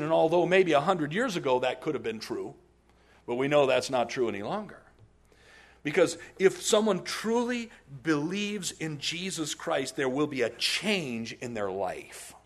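A man preaching a sermon as a pastor, telling stories in an animated way and laughing often. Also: sits high.

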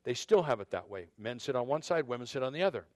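A man's voice: mid-range voice, lively intonation, quick pace, a little mellow. A man preaching a conversational sermon, often repeating words and restarting sentences as he addresses the men and the women in turn. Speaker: pastor.

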